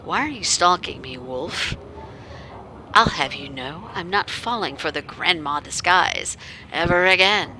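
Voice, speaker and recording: A woman's voice: fairly low pitch, animated, a little slow, sharp tone, a little hiss or hum, full character voice. A woman voicing a bored, sarcastic young woman vampire with a mocking, smart-alecky manner. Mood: teasing.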